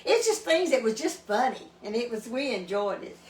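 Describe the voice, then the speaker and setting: A high-voiced woman from chats casually and agreeably, often chiming in with short affirmations. She sounds distant from the mic in an echoey room. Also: big pitch swings, moderate pace. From East Texas. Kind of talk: casual chat.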